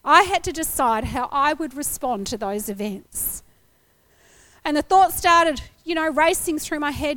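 Lively high-voiced woman preaching. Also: measured pace, no room sound. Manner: animated storytelling, acting out her own reactions. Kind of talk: sermon with personal testimony.

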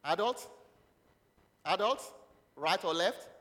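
A man's voice: high-pitched, expressive, takes it slowly, sharp tone. A man preaching a children's sermon, leading the congregation in call-and-response and quizzing them with questions and laughs. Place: church hall. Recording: long hall reverb.

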